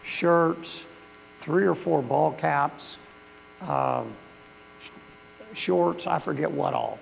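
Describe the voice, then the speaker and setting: A man's voice: fairly high pitch, extremely slow, gravelly. A male pastor, preaching a sermon in a church with folksy storytelling that swells into fervent preaching. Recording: long hall reverb with faint mains hum.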